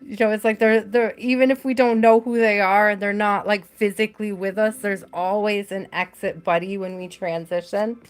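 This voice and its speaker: A woman giving a live tarot reading, gentle and emotional, repeating her words softly. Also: medium pitch, level tone, normal speed, few pauses, soft background music. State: tearful at times. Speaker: tarot reader.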